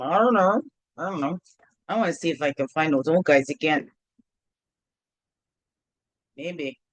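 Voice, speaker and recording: A woman's voice: sits low, dry recording. Playful, chatty woman hosting at home. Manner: playful, chatty, rambling, with sing-song bits. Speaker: host. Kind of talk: casual morning video chat.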